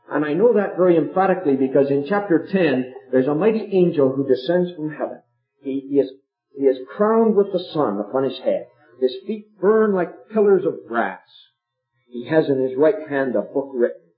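A man preaching a sermon in a church meeting, emphatic, repeating phrases for effect. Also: medium pitch. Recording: echoey phone-like old tape recording.

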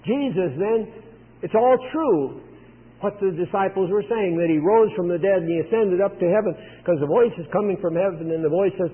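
A man's voice: high-pitched, moderate pace, breathy edge. A man preaching a sermon, telling the story earnestly and pushing hard on key words. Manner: earnest storytelling with emphatic pushes. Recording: tinny phone-like sound with long reverb.

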